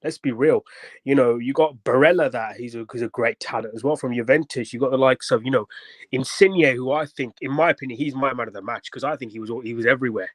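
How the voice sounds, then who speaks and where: A man's voice: mid-range voice, fast, dry recording. A man calling into a football show, giving a rambling match reaction full of fillers. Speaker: caller.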